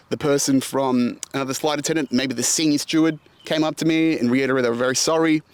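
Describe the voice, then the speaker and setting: Dude in his 30s telling a story to camera, animated, swears a bit, dead dry sound. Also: a little high, fast, no echo. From Australia. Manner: animated, swears casually, acts out dialogue. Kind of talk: casual storytelling monologue.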